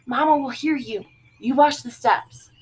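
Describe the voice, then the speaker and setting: A woman's voice: sits high, unhurried, darkish tone, slightly rough, pitched above the performer's own voice, poor audio. A woman voicing a bossy young girl who orders her little sister around dismissively.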